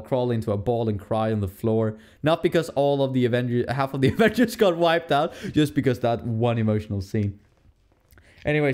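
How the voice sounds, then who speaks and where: A man's voice: medium pitch, darkish tone. Rambling man reviewing a film. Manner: rambling, self-correcting, laughs often. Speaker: podcast host. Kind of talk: casual solo film review.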